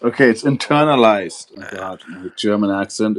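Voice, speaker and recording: A man's voice: lowish voice, moderate pace. A man hosting a call-in livestream, joking and swearing as he rambles. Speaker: livestream host. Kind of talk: casual call-in stream chat.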